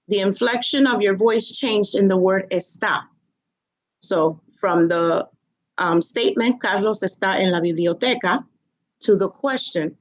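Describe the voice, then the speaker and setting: A woman with a medium-pitched voice teaches an online Spanish lesson at a measured pace. She's patient and methodical, repeating phrases and stressing how a question rises, though the audio is dull and lo-fi.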